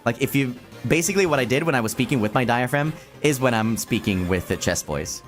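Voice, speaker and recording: A man's voice: mid-range voice, lively intonation, a little fast, soft background music. A man streaming from home, casually chatting, reading chat aloud and laughing often. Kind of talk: casual chat while gaming.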